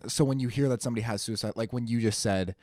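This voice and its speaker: A young man speaking candidly and haltingly as a podcast guest, leaning on the word "like". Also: medium pitch, mellow, no room sound, studio quality. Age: young adult. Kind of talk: casual conversation.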